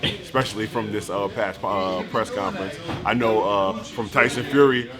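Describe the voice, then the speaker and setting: A man's voice: lowish voice, moderate pace, a crowd in the background. A man chatting relaxedly, hesitating often while searching for words. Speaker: camp member. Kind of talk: casual interview chat.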